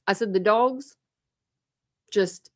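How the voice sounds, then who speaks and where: A woman's voice: medium pitch, takes it slowly, no echo, clean studio sound. A woman hosting a casual online chat, rambling and laughing as she browses videos and talks to her pets. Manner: rambling, chatty, laughs often, coos at pets. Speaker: true crime channel host.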